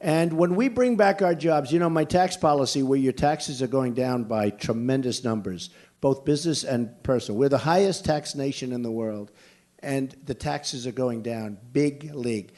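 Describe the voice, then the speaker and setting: A man's voice: medium pitch, normal speed, a little mellow. An older man from the United States answering questions at a campaign rally, blunt and emphatic, repeating his points. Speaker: presidential candidate at a rally. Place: large indoor venue.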